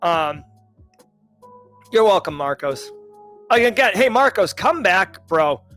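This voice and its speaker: A man with a Massachusetts accent hosting a casual livestream chat, joking and animated as he talks to his viewers. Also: sits high, takes it slowly, soft background music. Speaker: livestream host.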